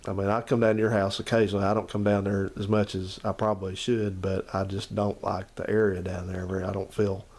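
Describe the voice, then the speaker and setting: A man talks in a slightly low voice, rambling and repeating himself as he chats casually. He addresses both his uncle and the viewers. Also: flat delivery, fast talker, few pauses, a little mellow. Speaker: channel host. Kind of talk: casual chat to camera.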